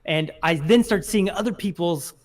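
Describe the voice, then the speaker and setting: This is a man with a fairly high voice and a lilt, co-hosting a relaxed podcast chat. He is animated and laughs often. He sometimes drops into playful put-on voices. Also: normal speed. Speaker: podcast co-host. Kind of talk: casual chat.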